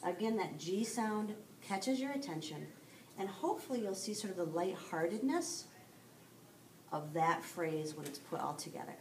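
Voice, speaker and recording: A woman's voice: lowish voice, lively intonation, normal speed, a little mellow, slight background noise. A woman teacher giving a recorded lesson, explaining step by step and speaking straight to her students.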